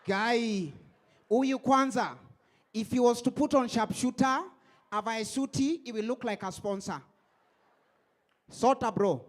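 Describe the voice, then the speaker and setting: A man hosting a stand-up comedy show on stage, animated and mixing English with Swahili. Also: very high voice, unhurried, pauses often.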